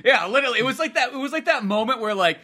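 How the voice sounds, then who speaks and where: A man telling stories as a podcast guest in casual chat, animated, swearing and full of "like". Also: very high voice, rapid-fire.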